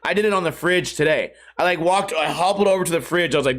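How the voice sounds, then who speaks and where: A middle-aged man rambles through a casual solo podcast story, swearing freely and joking as he goes. His voice sits a little higher than most men's. He slips into other people's voices for the quotes. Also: fast, a bit bright. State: hungover and stiff. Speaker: podcast host.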